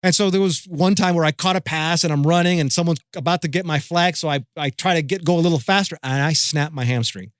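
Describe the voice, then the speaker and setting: Middle-aged guy telling old radio stories, kinda high voice, lots of restarts, dry close sound. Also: fast, hardly any pauses, dry recording. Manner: animated, with many restarts and self-corrections. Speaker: guest, former sports radio host. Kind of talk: casual storytelling interview.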